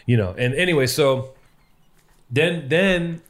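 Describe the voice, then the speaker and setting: Middle-aged dude telling a stoner story, swears a lot, keeps restarting sentences. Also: male voice, fairly high pitch, fairly bright tone. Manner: profane, halting, lots of restarts and laughter. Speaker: podcast co-host. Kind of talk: casual chat.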